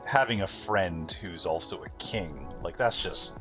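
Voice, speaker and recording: A man's voice: sits low, unhurried, pushed and bright, soft background music. A man describing his character in a tabletop role-playing game, hesitant and rambling with many fillers. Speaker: player.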